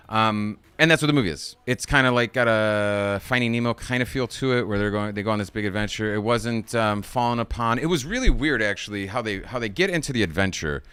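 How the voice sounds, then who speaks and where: A man with a slightly low, smooth and resonant voice recaps a kids movie for his live stream audience. He rambles casually and swears freely. The sound is dry and close, with no room echo. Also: a bit bright. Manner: profane, digressive, laughs at own jokes.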